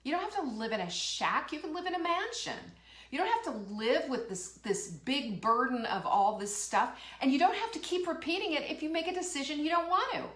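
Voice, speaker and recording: A woman with a high, a bit bright voice and big pitch swings speaks briskly, the sound roomy. She hosts a live motivational show, fired up and emphatic, hurling rhetorical questions and laughing while she reads viewers' comments.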